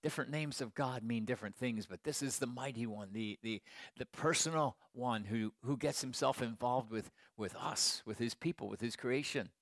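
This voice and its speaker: Middle-aged pastor preaching, dry sound. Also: male voice, medium pitch, normal speed, dry recording. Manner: storytelling, swings from hushed asides to emphatic proclamation. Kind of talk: sermon.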